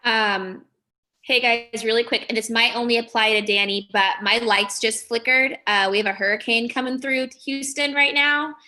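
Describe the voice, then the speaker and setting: A woman teacher talks on a video call in a friendly, brisk way. Her voice is high and very bright, with a clear, sharp edge. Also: fairly even intonation. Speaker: teacher and sponsor. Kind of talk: casual chat on a video call.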